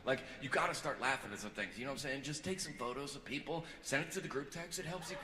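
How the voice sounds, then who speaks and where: A man doing a stand-up comedy set on stage, rambling and self-deprecating, swinging from earnest confession to loud joking. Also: mid-range voice, quick pace. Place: large theater on stage. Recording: echoey live hall recording with crowd noise.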